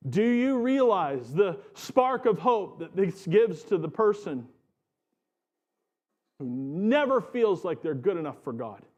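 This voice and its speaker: A male pastor delivers a sermon in a church. He talks at an unhurried, measured pace, and his voice sits a little high for a man. He stretches out and stresses the phrases he wants to land. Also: big pitch swings, darkish tone. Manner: earnest, emphatic preaching with slow stressed phrases.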